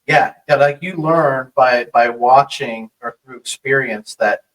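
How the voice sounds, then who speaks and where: A man's voice: medium pitch, fairly bright tone, far from the mic, poor audio. Man talking a bit off-mic. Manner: halting, with restarts and fillers. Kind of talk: casual chat.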